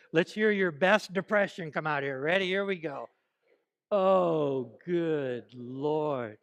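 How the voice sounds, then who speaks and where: A man with a high voice delivers a church sermon in a lively, playful way. He coaxes the congregation into joining short spoken exercises and keeps his preaching conversational rather than formal. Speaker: pastor. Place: church service.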